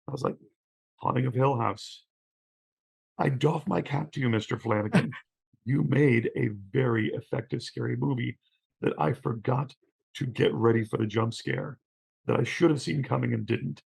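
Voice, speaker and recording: Gravelly-voiced man telling horror stories. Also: mid-range voice, lively intonation, normal speed. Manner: acts out scenes with quoted voices, frequent restarts. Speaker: guest, horror scholar. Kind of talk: animated storytelling in conversation.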